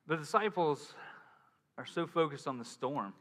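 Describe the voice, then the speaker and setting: A man preaching a sermon as pastor, in a casual, animated way, acting out quotes. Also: fairly high pitch, brisk. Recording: long hall reverb.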